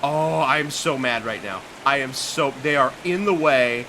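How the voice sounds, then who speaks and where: A man with a bright, edged voice talks through a game on a live stream. He jokes, swears freely and mutters half to himself, with a faint hiss of noise behind him. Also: medium pitch, unhurried. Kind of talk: live gameplay commentary.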